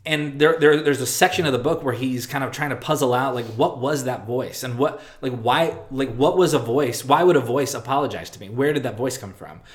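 A man giving a sermon at a middling pitch. He hesitates often and circles back over his words, then lets each phrase sink low and quiet at its end. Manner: halting, many fillers and restarts, soft drop at phrase ends. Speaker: pastor. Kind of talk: sermon with a read passage.

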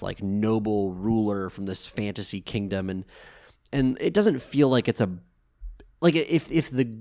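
A young man with a slightly low voice talks through an episode recap in a loose, rambling way. He stops and restarts often, leaning on fillers as he looks for words. The chat is casual and unscripted. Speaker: podcast co-host.

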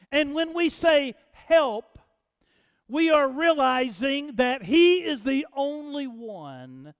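A male pastor, preaching slowly and dramatically, swelling to loud calls and dropping to hushed lines. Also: very high voice, clean tone. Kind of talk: sermon. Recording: long reverb in a large hall.

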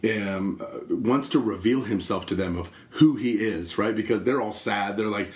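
Lively man retelling scripture. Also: lowish voice, normal speed, hardly any pauses, echoey room. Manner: animated retelling, asks questions. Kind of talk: casual discussion.

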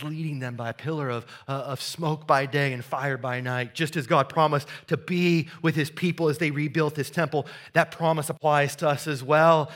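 Bright-voiced animated male preacher. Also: medium pitch. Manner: animated preaching, swings from loud emphasis to hushed tenderness. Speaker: pastor. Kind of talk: sermon.

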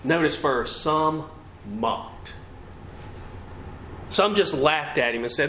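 A man's voice: fairly high pitch, lively intonation, takes it slowly, sharp tone, a little hiss or hum. A man preaching a sermon with emphasis and rhetorical questions. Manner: emphatic, rising and falling delivery with rhetorical questions.

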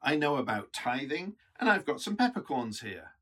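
A smug, self-satisfied religious man counts out his tithe, as a man mocks him. He has a husky voice and sounds pleased with himself. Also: medium pitch, big pitch swings, normal speed, sharp tone, heavily acted. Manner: smug, mocking.

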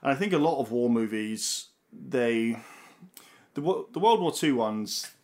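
A man co-hosting a casual film podcast, who swears freely and tells stories in an animated way. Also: mid-range voice, unhurried. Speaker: podcast co-host.

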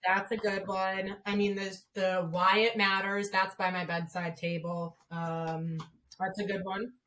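Woman swim coach, relaxed chatty interview storyteller. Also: mid-range voice, a little slow, a little hiss or hum. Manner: chatty, frequent "like" fillers, lively retelling. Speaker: swimming and diving coach.

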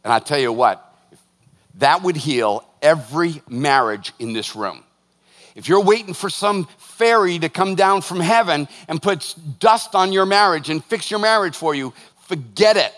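Lively joking pastor in a reverberant hall. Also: male voice, a little high, unhurried. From northern United States. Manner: lively, joking, animated storytelling. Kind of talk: sermon. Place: church hall.

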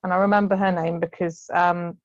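Woman, lowish voice, chatty storytelling, dull lo-fi dry recording. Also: flat delivery, brisk, dry recording. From United Kingdom. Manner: chatty, frequent laughs and ums. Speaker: guest sharing birth story. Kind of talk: casual storytelling in conversation.

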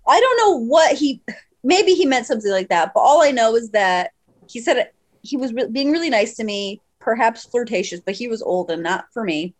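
A woman's voice: a little high, animated, moderate pace. A young woman on a podcast, chatting casually and acting out both sides of the dialogue as she tells a story. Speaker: podcast co-host. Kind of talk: casual chat.

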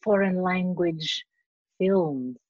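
A woman's voice: fairly low pitch, drawn-out words, no room sound. Thoughtful British woman, dull dry sound. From Britain. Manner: thoughtful, questioning, animated. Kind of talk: casual chat. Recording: slightly dull dry recording.

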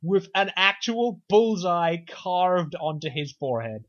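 A man's voice: high-pitched, expressive, a little slow, fairly bright tone. Man, casual film recap, sarcastic and sweary, offhand, muffled lo-fi audio. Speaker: podcast co-host reviewing a film. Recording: dull lo-fi sound.

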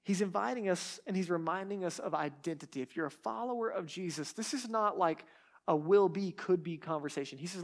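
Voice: medium pitch, fairly quick. A pastor preaching a sermon in a conversational way, with restarts and asides, who repeats key words for emphasis.

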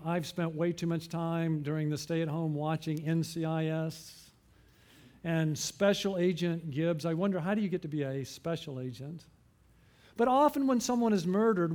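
A man's voice: high-pitched, darkish tone. A middle-aged man preaching a sermon in a conversational way, often asking the congregation questions and joking at his own expense. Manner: self-deprecating humor. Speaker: pastor.

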